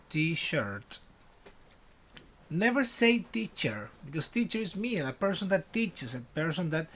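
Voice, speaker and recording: Man teaching a slow English class. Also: fairly high pitch, a bit bright, slight background noise. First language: Spanish. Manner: slow, repeats words for learners to copy. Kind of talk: recorded online class.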